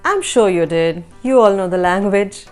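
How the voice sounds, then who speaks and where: A woman hosting a language lesson, explaining translation choices in a measured, explanatory way. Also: mid-range voice, animated, darkish tone, clean tone, faint music behind. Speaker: language teacher and host.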